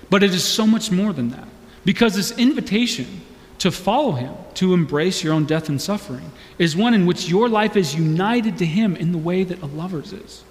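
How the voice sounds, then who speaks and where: High-voiced man preaching in a reverberant hall. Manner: conversational, with restarts and rising to emphatic calls. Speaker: pastor. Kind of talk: sermon.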